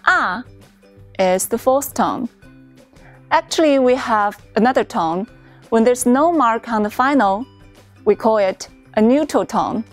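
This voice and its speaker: A woman teaching a beginner's pronunciation lesson in a clear, patient scripted dialogue. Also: on the high side, expressive, measured pace, soft background music. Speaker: Chinese teacher.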